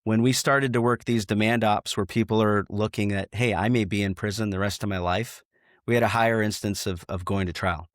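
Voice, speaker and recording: A man's voice: lowish voice, steady tone, a little fast, no room sound, clean studio sound. A middle-aged man, a retired state trooper, telling stories from his cases in a frank way, often restarting his sentences. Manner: frank, many restarts, quotes dialogue. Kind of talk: storytelling in a podcast interview.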